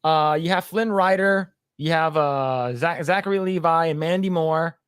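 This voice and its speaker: A man's voice: on the high side, normal speed, a bit bright, clear, resonant tone, no room sound, studio quality. A man co-hosting a casual podcast chat, rambling with many fillers and laughing as he retells jokes. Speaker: podcast co-host.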